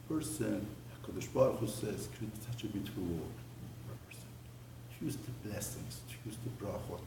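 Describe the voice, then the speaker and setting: Animated rabbi teaching from across a roomy space. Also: male voice, medium pitch, a little hiss or hum. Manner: animated storyteller, voice rising and dropping to near murmur. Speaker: rabbi teaching a mussar lesson. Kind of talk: spoken Torah lesson with storytelling. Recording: roomy, distant mic with faint ambience.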